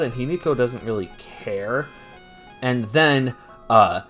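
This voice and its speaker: A man with an average, mid-range voice talks through an anime episode like he's chatting with a friend. He stumbles over fillers, laughs easily and swears without a second thought. Faint music plays under him. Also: mid-range voice. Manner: gets animated and opinionated. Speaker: podcast host recapping an anime. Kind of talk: casual episode recap.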